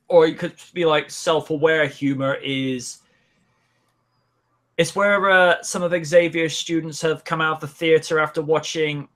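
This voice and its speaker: A man talks through a relaxed live-stream chat at an unhurried pace. His voice sits a little high, and he trails off into fillers as he thinks aloud. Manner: slow, musing, trails off with fillers. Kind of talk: casual chat.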